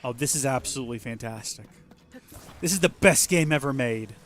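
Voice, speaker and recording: A man streams a video game with casual let's-play commentary, playfully chatting to his viewers, to himself, and to the game, with jokey asides. His mid-range voice is brisk and a bit bright, with soft background music.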